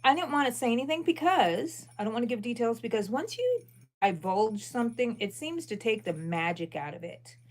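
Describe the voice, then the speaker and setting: Woman, middle-aged, crochet livestream host; unhurried, chatty, counts stitches aloud between stories. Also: a little high. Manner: chatty and relaxed, drifting between dogs, chores and stitch counting. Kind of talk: casual livestream chat while crocheting.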